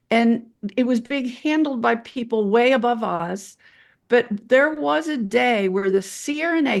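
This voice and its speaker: A woman co-hosting a candid podcast conversation, a blunt and animated storyteller. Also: fairly high pitch. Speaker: podcast co-host, nurse anesthetist.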